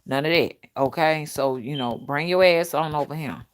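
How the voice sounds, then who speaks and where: An older woman hosting a casual live stream, talking bluntly and loudly to her viewers and laughing often as she reads their comments. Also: low-pitched, moderate pace. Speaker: spiritual reader and live-stream host.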